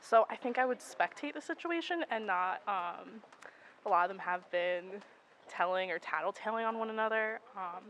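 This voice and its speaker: A woman's voice: mid-range voice, normal speed, a bit bright, a little hiss or hum, rough recording. A young woman student giving a long, rambling answer in a casual interview and thinking aloud as she talks. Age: young adult.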